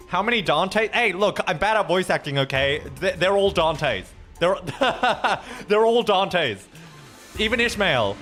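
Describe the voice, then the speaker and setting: A chatty, joking male streamer at a desk microphone, his voice sitting somewhat high and bouncing around animatedly in pitch. Soft game music plays faintly underneath while he talks with his chat. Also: lively intonation, measured pace. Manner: chatty, joking, reads dialogue aloud. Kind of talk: casual game stream, reading story aloud.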